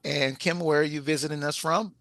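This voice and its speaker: Bright-voiced man hosting a club meeting. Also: a little high, fairly quick, gravelly, no echo. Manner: lively storyteller with small restarts. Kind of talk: casual meeting chat and joke telling.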